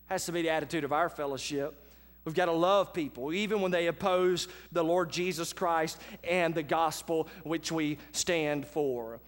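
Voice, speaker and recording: A man preaching a sermon as pastor, talking to the congregation like a friend and swinging between quiet asides and loud, emphatic lines. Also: on the high side, fairly even intonation, moderate pace, in a large hall. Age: adult with children.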